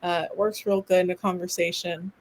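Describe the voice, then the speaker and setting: A woman playing a tabletop game, talking in an unhurried, musing way. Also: lowish voice, level tone. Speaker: player. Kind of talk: casual table talk.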